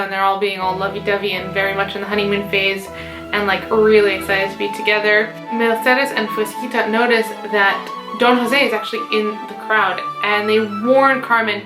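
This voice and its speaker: A woman's voice: medium pitch, steady tone, brisk. Young woman, casual chatty summary, roomy room, background music. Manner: chatty, with many fillers and asides. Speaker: mezzo-soprano explaining an opera.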